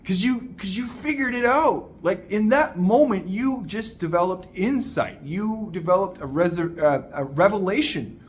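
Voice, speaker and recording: Male life coach, high-ish voice, punchy motivational delivery, faint background noise. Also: moderate pace, hardly any pauses. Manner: energetic, emphatic, addresses listener as "my man". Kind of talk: motivational monologue.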